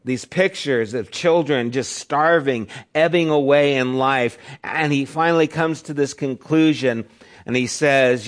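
A man's voice: medium pitch, unhurried. A middle-aged man who is a pastor, giving a sermon in a conversational, storytelling way. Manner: conversational storytelling, acts out quotes in raised voice.

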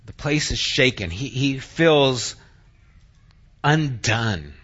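A man preaching a sermon as pastor, reading scripture dramatically and then talking quietly and earnestly to the congregation. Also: mid-range voice, lively intonation, slow pace, husky, lo-fi sound.

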